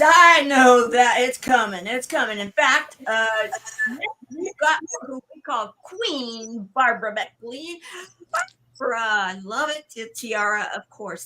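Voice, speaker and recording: Bubbly party host lady on a video call, bright voice, kinda high. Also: animated, measured pace. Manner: bubbly, effusive, calls on guests. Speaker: show host. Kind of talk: live online party show hosting.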